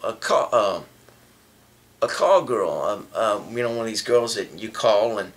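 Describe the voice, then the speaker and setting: A man voicing an upset fellow bus rider who complains about his girlfriend, halting as he searches for words. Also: on the low side, lively intonation, fairly bright tone.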